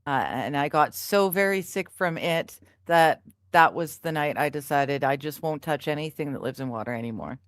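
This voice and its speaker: A woman's voice: sits low, moderate pace, hardly any pauses, dry recording. Woman cohost giggling, chatty, dry sound. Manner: giggly, animated storytelling. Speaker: co-host. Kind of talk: casual chat.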